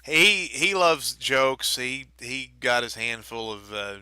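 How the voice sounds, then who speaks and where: Bright-voiced joking man. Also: medium pitch, takes it slowly, clear, resonant tone, no room sound. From Baltimore. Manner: joking, animated, teasing. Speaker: podcast co-host, wrestler. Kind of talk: casual podcast banter.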